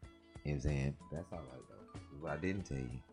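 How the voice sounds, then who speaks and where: A woman chatting casually as a podcast host, telling loud, profane stories and laughing often. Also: a bass voice, brisk, over music. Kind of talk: casual chat.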